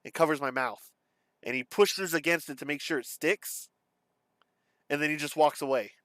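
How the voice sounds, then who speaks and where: A man telling a painful personal story on camera, halting and subdued, with many pauses and fillers. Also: on the high side, a bit bright, dry recording. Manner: subdued and confessional. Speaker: vlogger.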